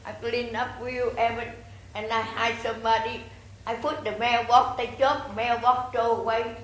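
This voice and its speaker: In an echoey city hall council chamber with faint background noise, a woman with a Vietnamese accent pleads during public comment. A native Vietnamese speaker and resident, she sounds distressed, her broken English halting and repeatedly restarting. Her voice is fairly high, steady in tone and a bit bright.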